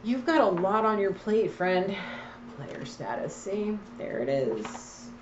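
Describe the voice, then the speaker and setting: A woman's voice: medium pitch, sing-song, slow, noisy background. A woman giving a casual intuitive card reading, blunt and preachy with a teasing edge. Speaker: tarot card reader. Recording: echoey, slightly dull room sound.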